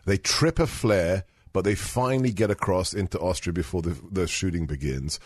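Deep-voiced man raised in the UK, animated storyteller, dry close recording. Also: moderate pace, husky, no echo. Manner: animated, laughing, mimics voices in his stories. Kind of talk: casual storytelling chat.

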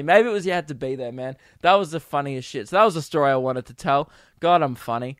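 A young Australian man, a comedian hosting his podcast, telling a rambling story in a crude, self-amused way with bursts of loudness. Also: a little high, fast talker, clean tone, no room sound, studio quality. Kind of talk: casual storytelling monologue.

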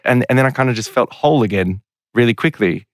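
A man's voice: medium pitch, lively intonation, fast talker, no echo, clean studio sound. A man talking as a podcast guest, telling long stories in a rambling, self-deprecating way. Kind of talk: casual podcast interview.

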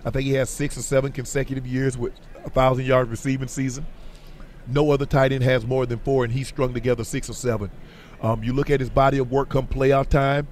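A man's voice: medium pitch, slight background noise. Emphatic man with a tiring voice. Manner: emphatic, animated opinions. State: voice getting hoarse. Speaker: guest, former football player. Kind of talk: radio sports interview.

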